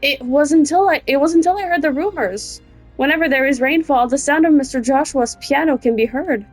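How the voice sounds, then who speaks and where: A woman's voice: high voice, pitched above the performer's own voice, poor audio. A woman reads a grieving, anxious young woman's game dialogue aloud in an emotional, pleading way.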